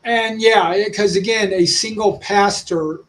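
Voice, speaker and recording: Sex: man. Style: casual livestream discussion. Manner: halting, with frequent restarts. Pitch: high for a man. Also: steady tone, fairly bright tone, poor audio. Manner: halting, searching for words with many restarts.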